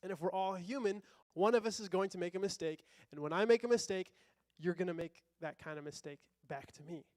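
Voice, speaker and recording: A man with a fairly high voice gives a casual, conversational sermon, throwing out rhetorical questions and acting out little quotes. The sound is dry and close, with almost no room echo. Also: brisk, a little mellow. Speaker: pastor.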